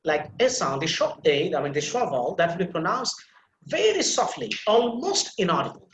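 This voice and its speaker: A man's voice: high voice, big pitch swings, moderate pace, roomy sound, low-quality recording. A man teaching a pronunciation class on a video call, explaining patiently with many fillers and repetitions.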